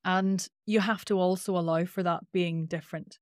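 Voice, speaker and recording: A woman with a Northern Irish accent and a nasal twang, a voice coach explaining things in an interview with lively demonstrations. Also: on the low side, moderate pace, dry recording, studio quality. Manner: animated, demonstrates with sung-out sounds.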